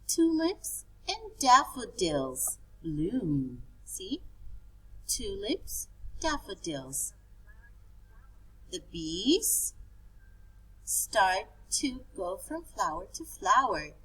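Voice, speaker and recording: Preschool teacher, female, very slow and lilting, husky tone. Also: medium pitch, sing-song, a bit bright, low-quality recording. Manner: slow, sing-song and pointing things out. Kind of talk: teaching young children.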